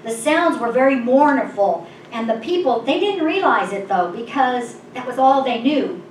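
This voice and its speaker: A woman giving a sermon, reading Scripture and telling a story in an expressive, emphatic way, recorded from a distance in an echoing room with background noise. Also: high-pitched, normal speed. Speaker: preacher.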